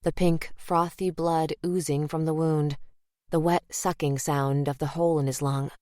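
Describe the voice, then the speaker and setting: A woman narrating a crime thriller audiobook in a measured, even way. Her voice sits low and the recording is dry and close, with no room sound. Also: no room sound. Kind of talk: scripted narration.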